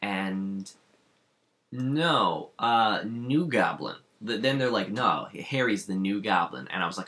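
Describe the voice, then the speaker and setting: A man with a low, deep voice and a bright, forceful edge, chatting casually about films. He rants in an animated way and acts out his own reactions as he goes. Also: a little slow. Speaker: podcast co-host. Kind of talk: casual chat.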